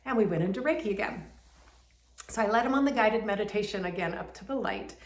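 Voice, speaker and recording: A woman's voice: medium pitch, animated, fast. A woman who works as a Reiki healer, earnestly telling a heartfelt personal story. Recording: roomy echo.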